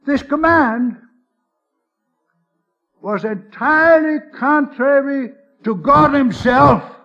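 A man's voice: extremely high pitch, slow, sharp tone, lo-fi sound, faint music behind. A man preaching a sermon, earnest and emphatic, calling his listeners beloved.

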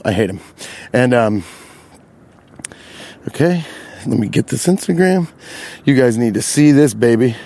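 Animated, profane man telling a story. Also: no echo. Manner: animated, profane, jumps into loud high asides. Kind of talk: rambling comic storytelling. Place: outdoors walking beside a lake.

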